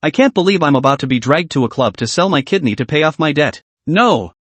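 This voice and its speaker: A man's voice: on the high side, expressive, a little fast, no room sound. A man voicing a scheming, self-pitying young woman, read plainly in a dry recording. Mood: distraught.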